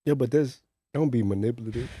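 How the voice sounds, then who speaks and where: A man chatting casually on a podcast, laid-back and quick with short affirmations. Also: mid-range voice, mellow, husky, no echo, studio quality. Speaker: podcast guest.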